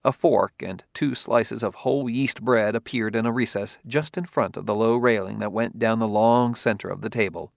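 A man narrating a novel in a steady, even storytelling manner. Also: on the low side, normal speed, gravelly, hardly any pauses, no room sound, clean studio sound. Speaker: audiobook narrator. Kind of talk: scripted narration.

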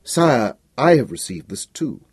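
A man voicing a composed, deferential first minister in an audiobook, measured and polite. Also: mid-range voice, big pitch swings, slightly rough, no room sound, clean studio sound, exaggerated voice. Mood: calm. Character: calm, deferential adult male first minister. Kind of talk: audiobook character voice.

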